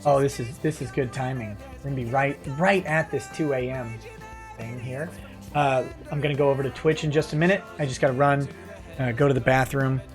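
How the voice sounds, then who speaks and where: A man's voice: medium pitch, fairly even intonation, brisk, faint music behind. A man, a lawyer hosting a late-night livestream, reading viewer comments aloud and joking about them in a casual, wry way.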